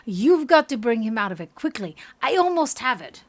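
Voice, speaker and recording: A woman voicing an eager woman scientist, reading a game aloud in an excited, exclaiming manner. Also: medium pitch, moderate pace, husky. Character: eager woman scientist peering through a scope.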